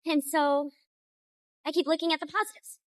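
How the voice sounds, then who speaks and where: Hopeful woman with a high voice. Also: moderate pace, no echo, low-quality recording. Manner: calm, hopeful, reflective. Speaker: interviewee living under a bridge. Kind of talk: street interview.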